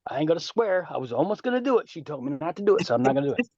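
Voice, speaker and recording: A man speaking on a group call in a boastful, animated way with streetwise slang, lecturing and taking questions. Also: fairly high pitch, very fast, dull audio, a crowd in the background. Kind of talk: casual lecture and Q&A.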